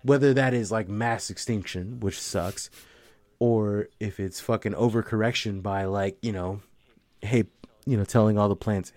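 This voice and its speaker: A man's voice: lowish voice, moderate pace, darkish tone, dry recording. A young man in casual conversation, rambling and swearing, with lots of fillers and frequent laughter. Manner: profane, rambling, laughs often, filler-heavy.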